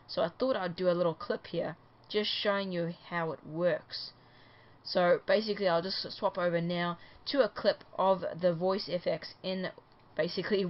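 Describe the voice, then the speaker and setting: Woman, product demo, casual, relaxed, filler-heavy, slightly low voice, muffled headset mic. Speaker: product reviewer.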